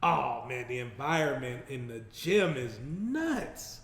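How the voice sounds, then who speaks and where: Easygoing host in echoey room. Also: male voice, medium pitch, takes it slowly. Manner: relaxed, agreeable, laughs along. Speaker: podcast host. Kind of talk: casual podcast chat.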